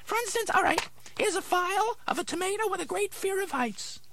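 A man voicing a cranky male dummy who plays a vegetable therapist, gruff, impatient and sarcastic. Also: extremely high pitch, expressive, fairly quick, noisy background, voice pushed up. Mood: snappish. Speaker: ventriloquist's dummy. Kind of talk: ventriloquist comedy routine.

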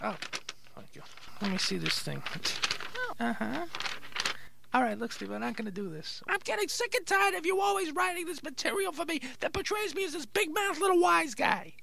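A man's voice: normal speed, sharp tone, a little hiss or hum, exaggerated voice. A man voicing a big-mouthed male wooden ventriloquist's dummy in a comedy podcast routine, whiny and theatrical. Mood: indignant. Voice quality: squeaky, gravelly.

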